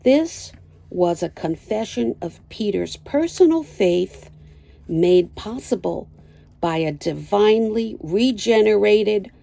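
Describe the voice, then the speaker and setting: An older woman teaching a Bible lesson, reading slowly and deliberately and citing chapter and verse. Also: mid-range voice, lively intonation, vocal fry, mellow.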